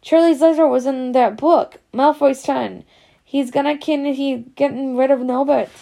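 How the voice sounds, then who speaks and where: A woman reading aloud and voicing a frantic teenage boy with a hoarse voice. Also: high-pitched, fairly even intonation, moderate pace, dark tone, pitched above the performer's own voice. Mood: panicked. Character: young teen boy wizard, panicking.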